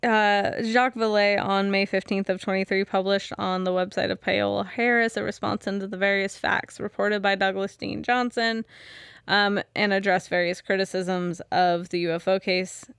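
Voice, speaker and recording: A woman's voice: medium pitch, fairly even intonation, normal speed, vocal fry, fairly bright tone, smooth, dry recording, clean studio sound. A woman co-hosting a podcast, reading through research notes in a casual way with frequent fillers and restarts, and laughing easily. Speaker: podcast co-host. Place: podcast studio.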